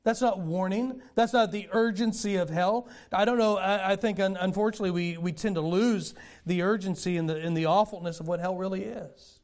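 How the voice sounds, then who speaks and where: An older man preaching a sermon in a folksy storytelling way, with sudden loud bursts. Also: high-pitched, fairly quick. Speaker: pastor.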